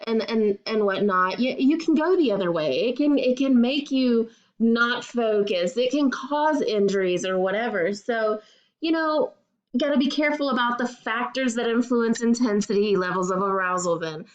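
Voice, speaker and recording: A woman's voice: a little high, expressive, normal speed, highs cut off. A woman student giving a recorded class presentation, telling a story casually with filler words.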